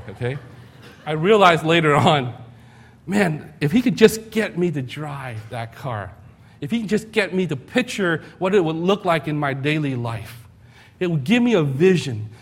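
Slightly high-voiced man preaching. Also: slightly rough. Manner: conversational storytelling with rhetorical questions; self-deprecating humor. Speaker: pastor. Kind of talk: sermon.

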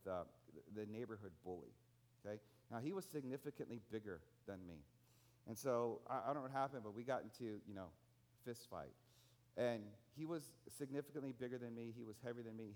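A man's voice: medium pitch, a little mellow. A man preaching a sermon in a conversational way, telling personal stories and asking his listeners rhetorical questions with a frequent "right?". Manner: tells personal stories with restarts and rising emphasis. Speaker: pastor.

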